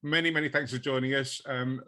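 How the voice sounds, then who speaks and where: A man's voice: medium pitch, steady tone, a little fast, bright, forceful tone. A man interviewing a guest, asking questions in a friendly, easygoing manner. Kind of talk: casual interview.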